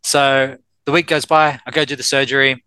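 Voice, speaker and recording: Australian man in his thirties, candid storyteller, bright voice, dry close sound. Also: medium pitch, moderate pace, smooth, dry recording, rough recording. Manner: candid, animated retelling with quoted dialogue. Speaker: life coach and personal trainer, guest. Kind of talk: casual storytelling in an interview.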